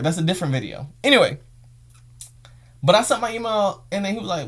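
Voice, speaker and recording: A young man hosts his own podcast, telling an emotional story in a casual vlog style. His fairly high, expressive voice moves at a quick pace as he rambles and keeps repeating phrases.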